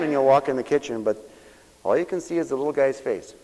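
Male preacher, lively pitch, exclamatory sermon, long hall reverb. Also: brisk. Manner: emotional, exclamatory, swings between hushed and loud.

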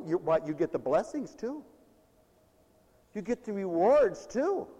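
A man preaching a sermon in a mission hall, emphatic, swinging between loud declarations and hushed asides. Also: high-pitched, expressive, measured pace.

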